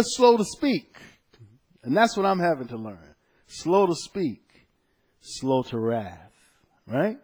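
A man with a husky, slightly high voice preaches a sermon. He talks like he is chatting with the congregation and tells personal stories between Bible verses. His delivery swings from quiet, low asides to loud, raised points. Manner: conversational, animated storytelling with scripture quotes.

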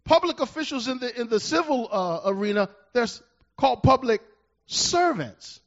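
A middle-aged male pastor preaching a sermon, building to loud emphatic bursts and slowing down to read verses. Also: very high voice, animated, dull audio.

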